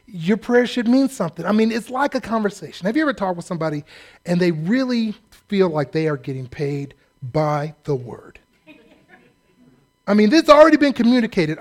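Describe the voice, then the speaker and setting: A male preacher with a notably high voice delivers a sermon. He talks in a lively, animated way and acts out the quotes he tells.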